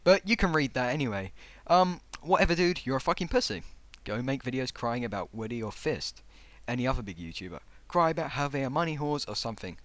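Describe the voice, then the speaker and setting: A man's voice: medium pitch, animated, a little fast, a bit bright, no room sound. Sarcastic, exasperated man ranting. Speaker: YouTuber reading comments. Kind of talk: ranting commentary on comments.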